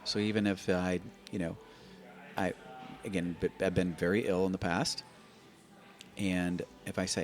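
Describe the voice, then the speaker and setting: A man in his fifties with a low, deep voice tells stories on a podcast. He talks in an animated, rambling way, stacking up repeated words as he gathers his thoughts. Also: unhurried, long pauses, soft background music. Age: 50s. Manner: animated, repeats words and restarts while thinking. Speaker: podcast guest. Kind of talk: conversational storytelling. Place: open-air bike and coffee shop in a garage.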